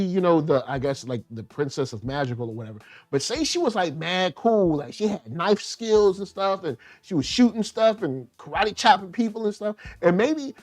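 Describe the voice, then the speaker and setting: A man with a fairly high voice gives a loose, animated TV review in heavy slang. He jumps into quick put-on voices for the characters, and faint music plays behind him. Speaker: show host reviewing a TV series. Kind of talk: casual review commentary.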